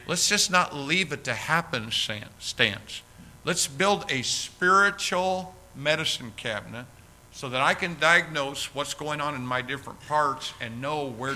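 Bright-voiced folksy preacher man. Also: mid-range voice, a little hiss or hum, low-quality recording. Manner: folksy storytelling, earnest. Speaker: pastor. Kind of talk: sermon with closing prayer.

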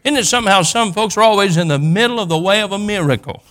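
An older man preaching a sermon, telling a Bible story in a folksy way and acting out the characters, rising to loud peaks. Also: sits high, fast.

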